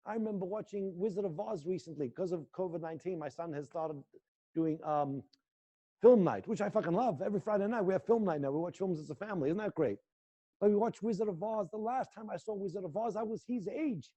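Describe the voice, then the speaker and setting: A man's voice: high voice, a little fast, dark tone. A middle-aged man teaching acting, leading a guided exercise in a live class with an intense, coaxing manner and free swearing.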